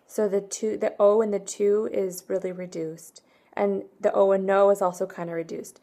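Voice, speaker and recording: A woman teaching English pronunciation, saying each word twice with careful, deliberate enunciation before reading model sentences. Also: medium pitch, steady tone, warm tone. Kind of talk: pronunciation lesson with slow model words and sentences.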